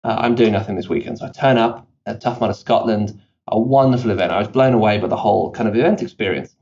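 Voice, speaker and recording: In lo-fi sound, a low, creaky, darkish male voice tells self-deprecating anecdotes as a CEO guest in a podcast interview. He's South African with a British-tinged South African accent, speaking quickly with fillers and restarts.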